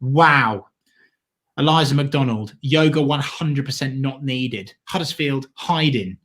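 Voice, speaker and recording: A man with a mid-range voice and a slow pace co-hosts a fan channel's football watchalong. In casual chat he eagerly thanks donors, reads out donations, gives shout-outs and updates everyone on the match.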